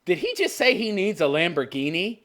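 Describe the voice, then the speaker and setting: A man in his fifties rants through a video commentary, his pitch swinging widely as he mocks and swears. He talks with a sarcastic bite and keeps breaking into laughter. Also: very animated, fairly quick, heavy background noise. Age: 50s. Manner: mocking, sarcastic, profane, laughs often. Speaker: commentary show host.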